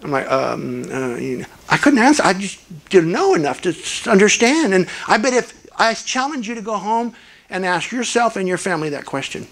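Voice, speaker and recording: A man's voice: sits high, normal speed, creaky. An older man giving a sermon as a guest preacher, telling stories earnestly and acting out the people he quotes. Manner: earnest storytelling, quotes people in lively voices. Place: church.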